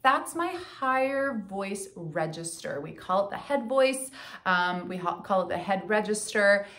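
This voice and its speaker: A woman voice coach teaching a singing lesson, counting in and demonstrating warm-ups in an encouraging way. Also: medium pitch, animated, a little slow. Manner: encouraging, counts in and sings along.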